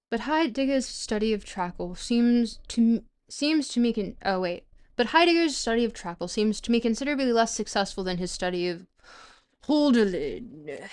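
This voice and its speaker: A woman's voice: on the high side, darkish tone, clear, resonant tone. A French-native woman reading a philosophy book aloud on a live stream, stopping often to restart words and check how names are pronounced.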